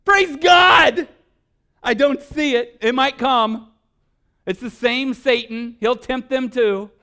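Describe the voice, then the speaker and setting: A man preaching a sermon, building from quiet, soft-spoken stretches to loud, passionate exhortation. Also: very high voice, fairly even intonation, slow pace, smooth. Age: adult with children. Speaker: pastor.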